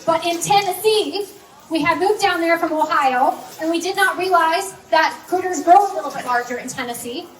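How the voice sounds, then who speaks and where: A woman's voice: very high-pitched, moderate pace. A woman in her thirties giving a chatty, story-driven sermon with lots of fillers. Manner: conversational, storytelling, many fillers. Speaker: speaker. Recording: echoey hall, mic from a distance.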